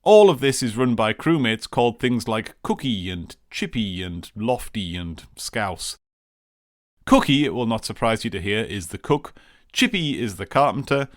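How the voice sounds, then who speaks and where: A man hosting a podcast, reading a wry, deadpan film recap from a script. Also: medium pitch, unhurried, no room sound, clean studio sound. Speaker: podcast host.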